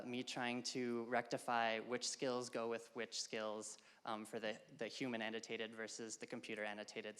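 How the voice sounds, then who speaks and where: A man's voice: medium pitch, fairly bright tone, smooth, long reverb tail. A man giving a casual academic slide talk to a live audience, with many ums and uhs. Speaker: workshop presenter. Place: lecture hall.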